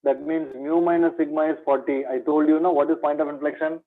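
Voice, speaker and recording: A man's voice: on the high side, level tone, fairly quick. A man with an Indian English accent teaching an exam revision lecture, asking questions and answering them himself, calling students "my dear". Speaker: maths teacher. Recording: tinny phone-like online lecture audio.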